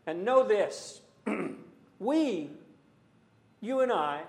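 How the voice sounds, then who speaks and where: A man preaching a sermon in a church, earnest and full of rhetorical questions, sometimes rising to loud emphasis. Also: sits high, lively intonation, very slow, long pauses, roomy sound.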